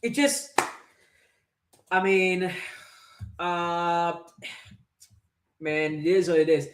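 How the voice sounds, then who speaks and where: A man's voice: high-pitched, fairly even intonation, very slow, background noise. A man hosting a football fan livestream, delivering an angry, profane match-reaction rant full of rhetorical questions. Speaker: host of a football fan channel. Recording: roomy echo.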